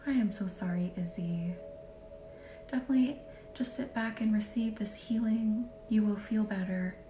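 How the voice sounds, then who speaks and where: A woman hosting a live healing stream, speaking softly and often half-whispering as she greets viewers by name and guides them to relax. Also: mid-range voice, normal speed, background noise. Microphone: phone or webcam for live stream. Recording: roomy room with faint music.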